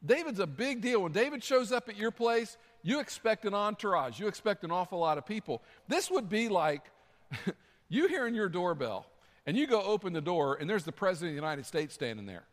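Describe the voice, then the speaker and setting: A man's voice: high voice, brisk. A man preaching a sermon as pastor, telling stories animatedly and acting out quotes. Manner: animated storytelling with acted-out quotes. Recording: long hall reverb.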